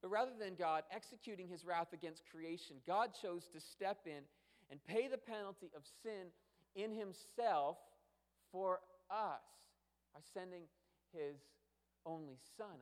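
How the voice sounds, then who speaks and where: A man's voice: sits high, normal speed, smooth. A man preaching a sermon as pastor, emphatic and fond of repeating phrases and asking rhetorical questions. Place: church sanctuary. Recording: long hall reverb.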